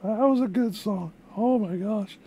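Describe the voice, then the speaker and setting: A woman voicing an excitable female puppet who hosts a music reaction vlog, gushing and exclaiming with lots of repeated words. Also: mid-range voice, unhurried, breathy edge. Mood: excited. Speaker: reaction video host.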